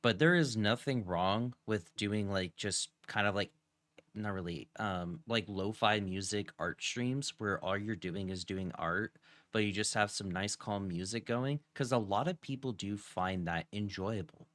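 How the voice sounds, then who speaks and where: A lower-pitched man hosts a laid-back stream conversation, chatting loosely with many fillers. The sound is dry and close, with no room around it. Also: measured pace, fairly bright tone, no echo. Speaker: streamer host interviewing a guest. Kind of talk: casual chat.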